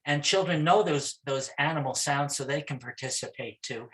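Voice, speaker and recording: A middle-aged man, a music teacher, giving a gentle and encouraging talk on songs for young children. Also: fairly high pitch, moderate pace.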